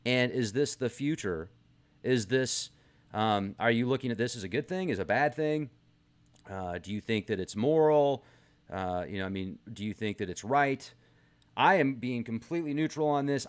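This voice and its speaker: A man's voice: on the low side, moderate pace. A man vlogging from a garage in a rambling, sarcastic casual rant to camera. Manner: animated, rambling, sarcastic asides.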